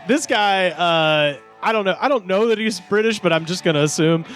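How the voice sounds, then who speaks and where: A man's voice: high voice, lively intonation, normal speed, fairly bright tone, soft background music. A man hosting a comedy podcast, reading listener posts aloud and laughing often. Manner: reads posts aloud with quotes, laughing a lot. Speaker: podcast host.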